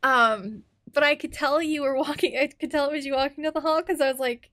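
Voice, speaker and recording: Giggly young woman, bit high. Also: fairly quick. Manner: giggly, animated storytelling, full of fillers. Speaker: podcast co-host. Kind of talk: casual chat.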